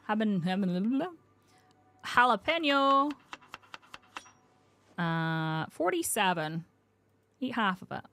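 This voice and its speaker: This young woman from Northern Ireland is a variety streamer playing a survival game. Her medium-pitched, slightly bright voice carries casual live-stream commentary as she chats and rambles, laughing often.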